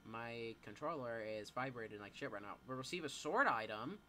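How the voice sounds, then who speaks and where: A teenage boy giving live gameplay commentary, excitable, yelping and swearing as things happen. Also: mid-range voice, normal speed, slight background noise. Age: teens. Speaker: gamer.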